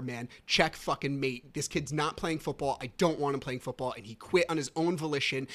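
Animated, profane man telling a story. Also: on the high side. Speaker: podcast host. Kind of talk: casual storytelling monologue.

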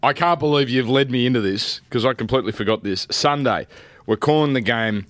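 An Australian man co-hosting a sports show, telling stories in a lively casual chat. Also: brisk, dry recording. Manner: animated storyteller, jumps high when excited. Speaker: radio sports co-host.

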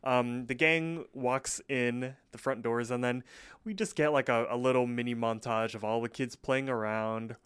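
A man co-hosting a podcast, casually recapping a cartoon episode with lots of fillers and quick voice impressions. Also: medium pitch, steady tone, fairly bright tone, clear, resonant tone, no echo, studio quality. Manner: loose, filler-heavy retelling with quick voice impressions. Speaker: podcast co-host.

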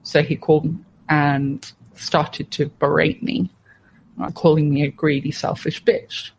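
A woman guest on a podcast, telling a hard personal story in a frank, steady way. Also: deep voice, measured pace, slight background noise, poor audio. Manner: frank and steady, with plain swearing and restarts.

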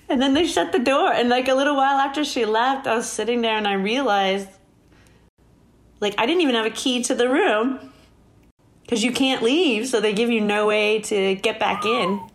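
A woman's voice: on the high side, moderate pace. A woman guest telling a story in a casual interview, laughing often and acting out what people said. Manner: animated, laughing often, acts out quoted lines.

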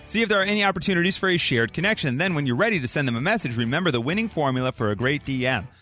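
A male morning radio host with a bright, forceful voice that swings all over its range. He banters playfully with his co-hosts and reads out a countdown list with mock drama. Faint music sits under his voice. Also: on the high side, expressive, rapid-fire.

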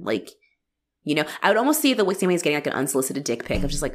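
Low-voiced woman chatting animatedly. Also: very fast. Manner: animated, profane, acts out quoted characters. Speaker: podcast co-host. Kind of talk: casual chat.

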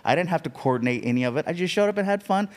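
Animated man telling stories in a reverberant room. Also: on the high side, racing. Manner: animated storyteller who acts out quoted lines. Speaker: podcast guest. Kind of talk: casual chat.

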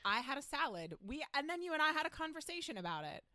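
A young woman co-hosting a casual podcast chat, animated and blunt, swearing freely. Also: quick pace, dry recording, studio quality. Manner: animated, swearing, laughing, jumps between high and low tones. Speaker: podcast co-host.

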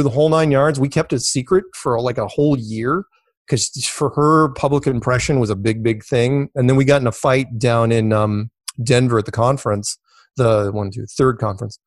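A middle-aged man telling stories as an interview guest, rambling and repeating himself, jumping high when he quotes others. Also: dry recording, clean studio sound. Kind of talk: casual storytelling.

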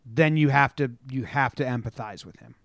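A man talking sports in a loose, casual chat, jumping into animated retellings and voicing what teammates would shout, swearing freely. His voice sits at an ordinary pitch, recorded close and dry with no room sound. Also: moderate pace, no room sound. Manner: animated storyteller, acts out quotes with profanity. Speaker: podcast co-host.

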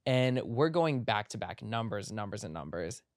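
Profane, animated male storyteller. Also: moderate pace, dry recording, clean studio sound. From Egyptian family background. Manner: animated, breaks into high mimicking voices when quoting people; profane, tangent-filled storytelling. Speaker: podcast host. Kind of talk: casual storytelling monologue.

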